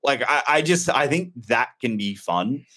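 A man's voice: medium pitch, animated, a little slow, bright, forceful tone. A man giving a casual, rambling and candid spoken film review. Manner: rambling, candid, self-correcting.

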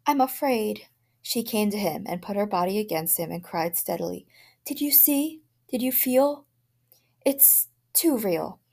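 A woman's voice: steady tone, a little fast, gravelly, few pauses, dark tone. A woman doing a tense, fearful housewife. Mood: afraid. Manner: tense, pleading, higher than her narration.

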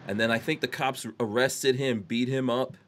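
A man's voice: medium pitch, steady tone, normal speed, slight background noise. Casual male podcast host reading comments. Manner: reads viewer comments aloud. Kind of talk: casual live-stream chat.

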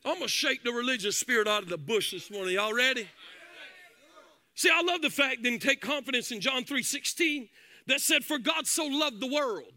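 A man preaching a fiery sermon from a church platform, shouting and half-singing his phrases. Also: very high voice, animated, moderate pace, dry recording. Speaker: pastor. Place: church sanctuary.

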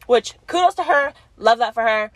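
A woman's voice: on the high side, lively intonation, normal speed, a bit bright, no echo. A young woman casually recapping a reality show, chatty and full of fillers, acting out what people said. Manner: chatty, filler-heavy, acts out quotes.

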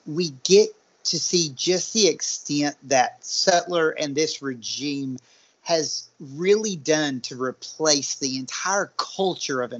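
Thoughtful movie podcast co-host, mid-pitched, muffled lo-fi recording. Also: fairly bright tone. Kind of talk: casual movie discussion. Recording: muffled lo-fi sound.

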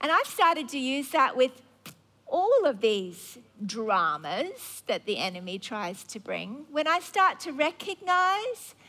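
A woman's voice: sits high, very animated, slow, pushed and bright. A woman preacher telling a Bible story in a sermon, conversational and wry.

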